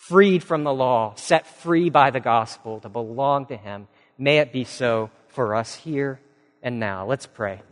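Pastor preaching in a reverberant hall. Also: male voice. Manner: animated storyteller, acts out quoted voices, drops low and soft for solemn points. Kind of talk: sermon storytelling.

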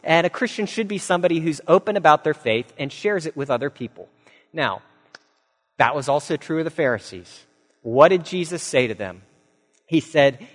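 A man's voice: mid-range voice, normal speed, a bit bright. A male pastor preaching a sermon in a conversational, storytelling way with touches of humor and casual fillers. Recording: long reverb of a large hall.

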